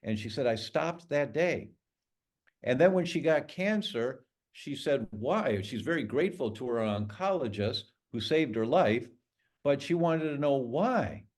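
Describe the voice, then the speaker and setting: A man's voice: medium pitch, animated, normal speed, darkish tone. A middle-aged man, a doctor guest on a podcast, talking in an emphatic, storytelling way. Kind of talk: podcast interview.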